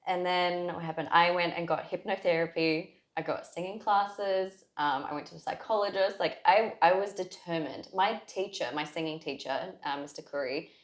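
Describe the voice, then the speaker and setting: A woman's voice: fairly low pitch, moderate pace, few pauses. A woman, a podcast guest, telling a personal story in a heartfelt, rambling way, with many "like"s and restarts. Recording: roomy echo.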